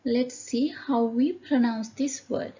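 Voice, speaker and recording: Slow, deliberate woman teaching phonics. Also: a little high, lo-fi sound. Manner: slow and deliberate, calling out each word loudly. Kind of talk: phonics lesson, reading word lists aloud.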